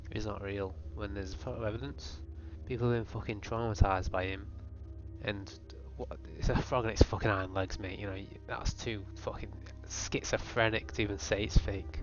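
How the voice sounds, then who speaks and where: Low, flat-voiced guy ranting. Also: moderate pace. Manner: profane, rambling, deadpan mock-earnest. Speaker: comedy video host. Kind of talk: mock-serious comedic rant over pictures. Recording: dull lo-fi voice-over with faint music.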